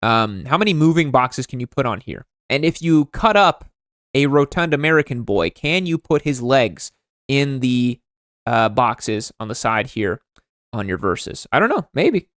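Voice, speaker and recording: A young man hosting a comedic livestream, roasting viewers' motorcycles in a sarcastic, mock-exasperated way, his voice jumping high when outraged. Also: very animated, moderate pace, a bit bright, no room sound, studio quality.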